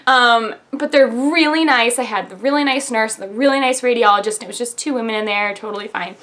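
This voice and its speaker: A woman's voice: a little high, quick pace, few pauses, a bit bright. A young woman telling a personal story to camera in a chatty vlog, filling her talk with "like" and acting out what others said. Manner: chatty, lots of "like", quotes others in raised voice. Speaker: vlogger.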